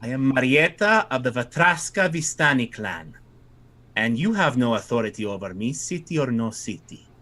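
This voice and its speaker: A brash young woman from a wandering clan who answers authority with open defiance, as a man puts her on. Her voice is bright and bold. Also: on the high side, unhurried, long pauses, pitched above the performer's own voice. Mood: defiant.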